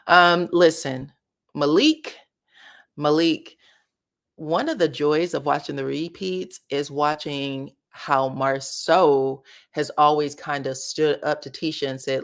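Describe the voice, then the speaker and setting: A woman's voice: low-pitched, unhurried. A woman hosting a casual reality-show commentary, chatting and reading viewer comments aloud. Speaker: commentary channel host.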